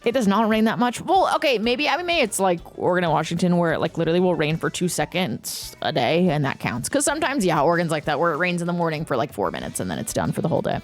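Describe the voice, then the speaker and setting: Chatty woman streamer, lively pitch. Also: quick pace, hardly any pauses, faint music behind. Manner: chatty, swears freely, jokes and teases. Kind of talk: casual chat with viewers.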